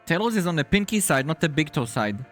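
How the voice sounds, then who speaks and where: A male VTuber streamer chatting casually with his viewers, animated, laughing often and swearing freely. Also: on the high side, fast, faint music behind. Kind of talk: casual live-stream chat.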